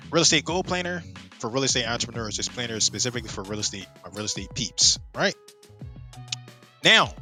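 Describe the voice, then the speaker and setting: A man's voice: mid-range voice, sharp tone. A middle-aged man coaching real estate marketing in a casual presentation, often checking in with "right?".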